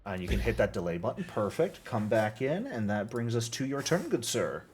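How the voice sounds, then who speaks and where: A man running a tabletop game online as game master, explaining rules in a relaxed, chatty way with plenty of fillers. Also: mid-range voice, moderate pace, a little hiss or hum.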